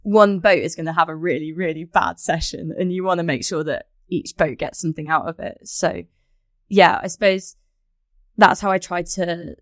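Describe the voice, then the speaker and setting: A young woman talks through her answers in an easy, chatty manner, thinking aloud and laughing often. Her voice sits slightly low for a woman. The sound is dry and close, with no room around it. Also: normal speed, dry recording. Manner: reflective, chatty, laughs easily. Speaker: podcast guest, rowing coxswain. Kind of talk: conversational interview answers.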